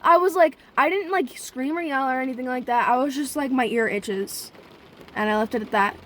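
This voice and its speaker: With a fairly bright tone and a quick pace, a young female vlogger speaks directly to her audience, chatting and rambling as she tells a story. Now and again she lets loose with sudden profane outbursts.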